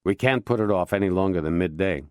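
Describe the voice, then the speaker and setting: A man's voice: sits low, fast talker, clean tone, dry recording, clean studio sound, close to an everyday voice. Man reading a weary, restrained police inspector. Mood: tense. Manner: restrained, tense.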